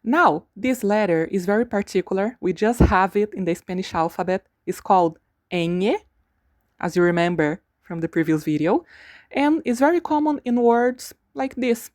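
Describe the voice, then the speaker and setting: A woman teaching Spanish vocabulary, saying each word slowly and repeating it for the learner. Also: medium pitch, animated, a little mellow, no room sound. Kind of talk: slow pronunciation lesson.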